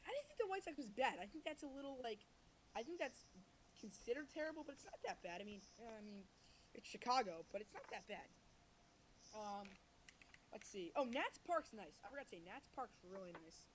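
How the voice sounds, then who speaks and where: A man's voice: extremely high pitch, sing-song, a little fast, slight background noise, low-quality recording. A man co-hosting a casual podcast, rambling loosely and breaking into heated, swearing rants. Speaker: podcast co-host. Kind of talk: casual chat.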